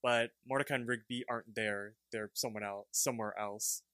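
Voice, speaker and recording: A man co-hosting a podcast, casually retelling a cartoon episode scene by scene in a lively way, with quick turns into the characters' voices. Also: lowish voice, no echo. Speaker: podcast co-host. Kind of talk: casual plot recap.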